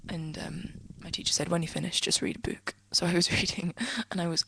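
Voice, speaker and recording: A teenage girl from England chats to the camera from her desk at home, rambling and giggling, often slipping into soft whispery asides. Her voice sits a little low and has a gravelly, creaky edge. A faint hiss runs under the recording. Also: level tone, brisk, poor audio. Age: teens. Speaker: vlogger answering a friend's questions. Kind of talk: casual chatty vlog. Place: indoors, at home, sitting on a desk.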